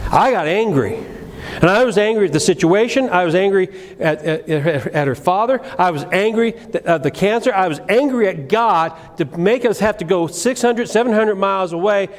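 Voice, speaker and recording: Middle-aged pastor preaching in a church. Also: male voice. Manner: storytelling, swings between loud emphasis and low quiet asides, frequent restarts. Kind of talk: sermon. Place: church sanctuary. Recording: live church recording with long reverb and faint room noise.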